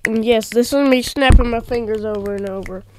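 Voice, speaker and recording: A woman hosting a gameplay video, chatting excitedly with rambling asides into a desk microphone. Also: on the high side, brisk, slight background noise. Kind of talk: casual gameplay commentary.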